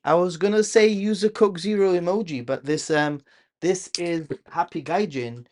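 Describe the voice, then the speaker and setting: A man's voice: high voice, normal speed, darkish tone. A man hosting a casual live stream, chatting to viewers, reading their comments aloud and laughing often. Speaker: livestream host.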